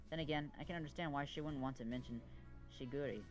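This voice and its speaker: A man's voice: mid-range voice, quick pace, faint music behind, poor audio. A man reading a visual novel aloud as narrator, wry and now and then stumbling over words. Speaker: let's play reader.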